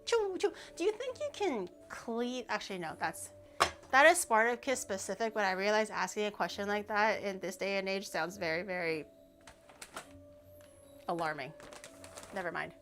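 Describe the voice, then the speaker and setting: A woman's voice: mid-range voice, lively intonation, normal speed, long pauses, over music. A woman streamer chatting casually with her viewers while baking in her kitchen, playful and teasing as she reacts to chat. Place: home kitchen.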